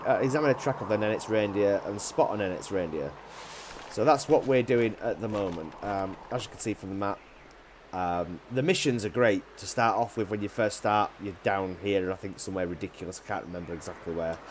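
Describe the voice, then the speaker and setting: A man's voice: on the low side, a little fast, a little hiss or hum. A man casually commenting on his hunting game play, rambling and hesitant with many ums. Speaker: gaming channel host.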